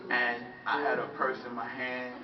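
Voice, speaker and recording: A man's voice: mid-range voice, monotone, normal speed, reverberant, loud music behind the voice. A man performing spoken word, telling a casual story to a live audience. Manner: conversational, loud when acting out shouts. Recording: lo-fi live recording from a distance.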